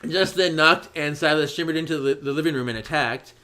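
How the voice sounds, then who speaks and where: A man's voice: fairly high pitch, quick pace, pushed and bright. A man hosting a podcast, casually recapping a story and acting out the characters' lines in raised voices. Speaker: podcast host.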